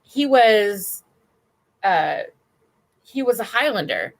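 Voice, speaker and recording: A woman hosting a livestream, chatting in a loose, rambling and bawdy way. Her pitch swings widely as she gets carried away. She talks at a medium pitch, casually, with friends. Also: very animated, takes it slowly, vocal fry. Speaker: stream host.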